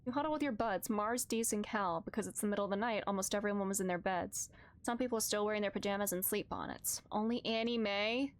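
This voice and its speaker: A woman streamer reading a narrative game aloud and reacting live, moving from calm reading to loud, distressed outbursts. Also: medium pitch, fast.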